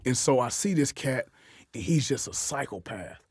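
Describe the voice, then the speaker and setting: A man's voice: mid-range voice, expressive, normal speed, a little mellow, breathy edge, no room sound, clean studio sound. A man hosting a casual podcast chat, telling football stories and acting out the voices of the people in them. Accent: New Orleans. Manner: storytelling, acts out quoted voices, repeats words. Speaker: host, football coach.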